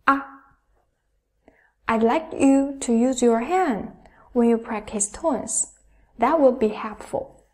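A young adult woman teaching a Chinese lesson, carefully demonstrating each sound aloud in slow pronunciation drills. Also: a little high, warm tone.

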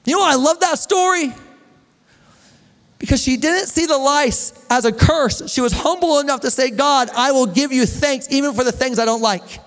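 High-voiced pastor preaching in a reverberant church. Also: male voice, normal speed, a bit bright. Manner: storytelling, asks the congregation questions, jokes and laughs. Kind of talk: sermon. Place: church hall with long reverb. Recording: echoey church hall.

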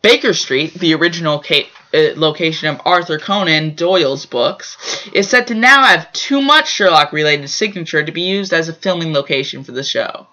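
A man with a fairly high, bright, forceful voice reads out facts in a casual chat. He rambles and fills gaps with plenty of hesitations. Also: animated, normal speed, lo-fi sound. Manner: rambling, lots of fillers. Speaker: co-host.

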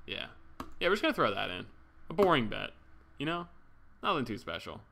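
A young man streams a game, chatting casually, goofing around with jokes, and thanking his viewers. His mid-range voice is brisk, bright, and forceful, with big pitch swings and some vocal fry.

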